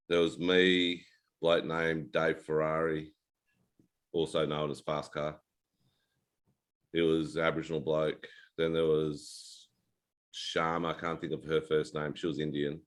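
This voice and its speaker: A man's voice: extremely low pitch, level tone, takes it slowly, pauses often. A middle-aged Australian man hosting a casual chat, telling blunt, rambling stories and swearing freely. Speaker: podcast host, ex-Navy.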